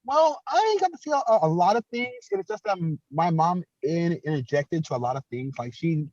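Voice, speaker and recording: A man on a podcast panel speaking haltingly, repeating words as he searches for what to say. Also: on the high side, expressive, a little mellow, dry recording, muffled recording. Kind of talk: casual panel chat.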